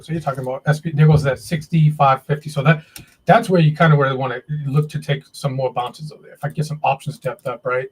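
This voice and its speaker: A man's voice: mid-range voice, fairly even intonation, fast talker, husky, rough recording. A man hosting a live day trading stream, talking to himself and viewers as he trades, often frustrated and swearing.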